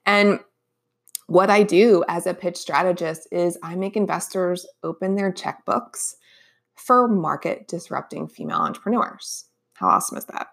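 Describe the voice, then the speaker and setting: A woman in her forties hosts a solo podcast and talks casually straight to her listeners. She rambles warmly through a personal story, full of fillers and restarts. Her voice sits a little low for a woman. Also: sing-song, unhurried, vocal fry. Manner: chatty, many fillers and restarts. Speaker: podcast host.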